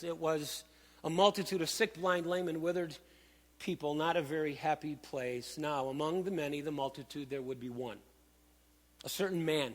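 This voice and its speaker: A man preaching a sermon, emphatic and animated, with dramatic asides. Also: high voice. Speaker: pastor. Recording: long hall reverb.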